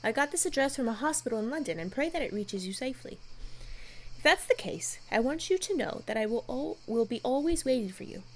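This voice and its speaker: A woman's voice: high-pitched, lively intonation, fairly quick, a little hiss or hum, pitched above the performer's own voice. A woman reading aloud a young woman's earnest, pleading love letter from a game. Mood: longing.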